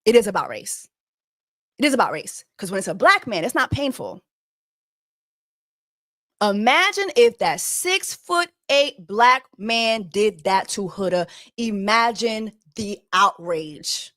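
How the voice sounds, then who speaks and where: A woman's voice: medium pitch, animated, slow, a bit bright, no echo, clean studio sound. A woman hosting a reaction commentary, talking emphatically and repeating phrases to drive her point home. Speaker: host.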